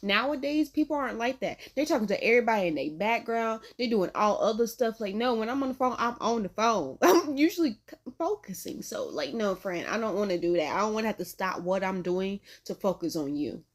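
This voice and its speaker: A young woman hosting a reaction video, chatting casually with lots of slang, frequent laughter and sudden high squeals. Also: lively intonation, brisk. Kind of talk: casual chat to camera.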